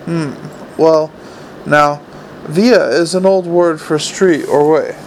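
A man voicing a nervous, clever male dwarf watchman who asks quick, fretful questions. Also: fairly high pitch, steady tone, slight background noise, low-quality recording. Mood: uneasy.

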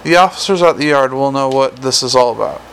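A man voicing a gruff, tired city watch commander who gives brisk orders. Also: medium pitch, a bit bright, a little hiss or hum, poor audio. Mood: commanding. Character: gruff weary middle-aged male city watch commander.

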